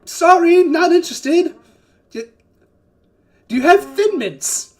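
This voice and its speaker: A woman voicing an eccentric male giant wizard in a tabletop game, talking loudly and excitably. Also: very high-pitched, takes it slowly, slight background noise, pitched above the performer's own voice, full character voice. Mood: cheerful.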